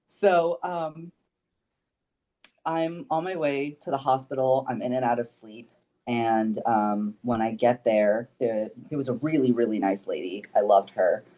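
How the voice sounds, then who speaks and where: A young man, a podcast guest, telling stories in casual chat, animated and swearing freely. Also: mid-range voice, normal speed. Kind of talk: casual storytelling.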